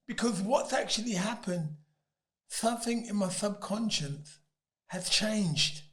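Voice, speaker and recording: A man's voice: sits high, lively intonation, slow. A man, a guest telling stories animatedly and often breaking into laughter. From Britain. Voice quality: laughs often mid-story, loud emphatic bursts. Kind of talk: animated storytelling.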